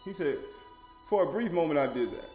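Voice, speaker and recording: A man preaching with rising emphasis and plenty of rhetorical questions, his voice sitting a little high. He is loose and colloquial, and he acts out the people he quotes. An echoey room carries faint music behind him. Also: animated, fairly quick, dark tone. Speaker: teacher. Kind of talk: sermon.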